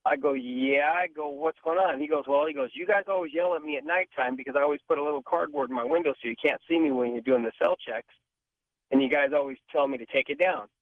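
Male caller on a tinny phone line, fairly high voice, animated storyteller. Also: fast, no room sound. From California. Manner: animated, acts out quoted voices. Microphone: telephone.

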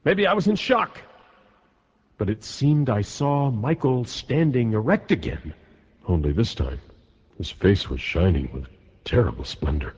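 Brief: very deep, dark-toned male reader, dramatic, lively pitch, dull lo-fi sound. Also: measured pace, slightly rough. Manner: dramatic, with wide pitch swings. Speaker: reader of a letter. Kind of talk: dramatic reading of a wartime letter. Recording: dull lo-fi recording.

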